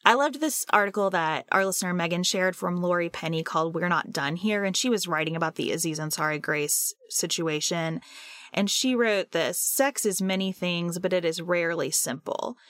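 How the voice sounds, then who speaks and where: A woman co-hosting a podcast, reading a passage aloud in a measured, deliberate way. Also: lowish voice, a bit bright, no echo, studio quality. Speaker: podcast co-host.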